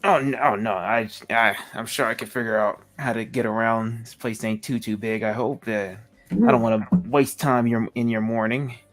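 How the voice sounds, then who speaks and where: A man's voice: mid-range voice, fairly even intonation, moderate pace, a bit bright. A man playing in a tabletop game who talks in a rambling, awkward, hesitant way. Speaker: player. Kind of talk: tabletop role-play. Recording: faint background music.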